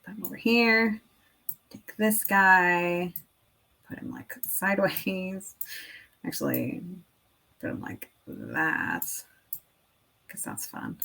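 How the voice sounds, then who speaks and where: A woman's voice: on the low side, lively intonation, takes it slowly, creaky, long pauses, sharp tone. A young woman making classroom activities, chatting casually to viewers and rambling as she thinks aloud, with filler words and the odd whisper. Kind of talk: casual work-with-me chat.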